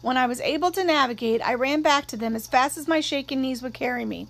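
A woman narrating a first-person novel aloud in a measured, expressive storytelling manner. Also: sits high, gravelly. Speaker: audiobook narrator.

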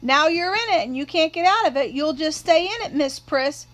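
A woman reads as a bossy big brother from a storybook, teasing and sure of himself. The voice is lifted a little and stays high. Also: expressive, moderate pace, fairly bright tone.

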